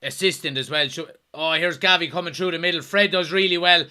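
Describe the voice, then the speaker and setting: Irish watchalong host, fairly high, piercing tone, fired-up match commentary. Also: male voice, a little fast, hardly any pauses, smooth. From Ireland, Kilkenny. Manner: excitable, yells at the referee, swears; reads out chat messages.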